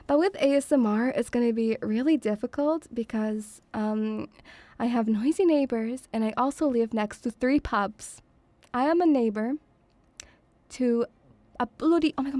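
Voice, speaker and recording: A woman's voice: fairly high pitch, a little mellow, dry recording. A woman streaming as a VTuber, chatting in a playful, doting, rambling way. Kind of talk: casual debut stream chat. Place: home room, near pubs.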